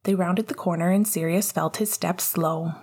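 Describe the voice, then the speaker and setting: A woman reading a story aloud in a calm, measured, soft manner. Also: on the low side, breathy edge. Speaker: audiobook narrator. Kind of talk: reading fan fiction aloud.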